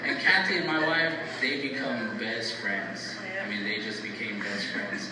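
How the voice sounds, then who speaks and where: A man's voice: mid-range voice, expressive, a little slow. A middle-aged man, a bus operator, giving a farewell speech full of funny stories and frequent laughter, recorded from a distance. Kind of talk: eulogy anecdote speech. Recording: echoey room recorded from afar, loud ambient noise.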